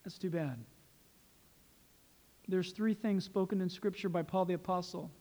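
A man preaching a sermon as pastor, animated and joking, laughing at his own quips. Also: high-pitched, normal speed.

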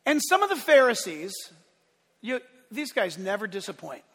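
A man pastor preaching a sermon in an animated, playful way, acting out voices with shouts and laughter. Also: sits high, moderate pace, husky. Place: church sanctuary. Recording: long church hall reverb.

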